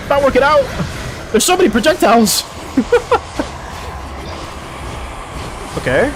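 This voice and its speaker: A streamer giving excitable live gameplay commentary, swearing and laughing often. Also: medium pitch.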